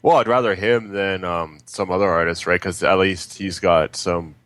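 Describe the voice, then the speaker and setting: A man's voice: low-pitched, steady tone, normal speed, a bit bright, dry recording. A young man with a Canadian accent, co-hosting a casual podcast and rambling with many fillers. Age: young adult. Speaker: podcast co-host. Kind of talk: casual chat.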